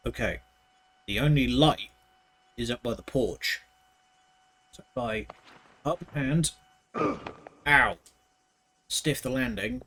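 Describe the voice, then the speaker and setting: A man's voice: medium pitch, slow, pauses often, a bit bright. A man giving casual let's-play commentary, joking and sarcastic, swearing freely. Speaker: gaming video host.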